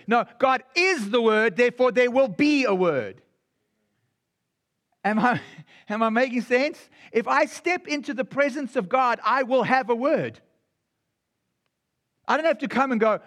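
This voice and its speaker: A man's voice: very high-pitched, animated, normal speed, fairly bright tone. A man preaching a sermon, earnest and repetitive, often checking if he's making sense.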